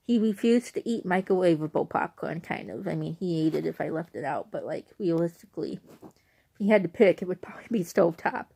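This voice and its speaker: A woman's voice: medium pitch, a little mellow. A woman vlogger talking casually to her camera, rambling, with many restarts and asides. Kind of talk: casual reminiscing monologue.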